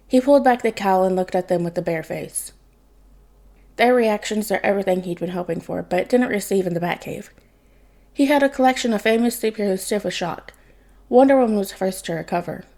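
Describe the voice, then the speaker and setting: Woman narrator, mellow soft tone, unhurried story reading. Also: mid-range voice. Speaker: podfic reader. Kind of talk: fan fiction audiobook narration.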